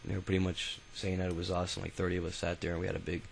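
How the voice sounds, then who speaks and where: Gravelly low-voiced man, rambling memoir. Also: completely flat delivery, racing, a little hiss or hum, poor audio. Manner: rambling and profane, many fillers and restarts. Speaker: autobiography narrator. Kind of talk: casual spoken memoir.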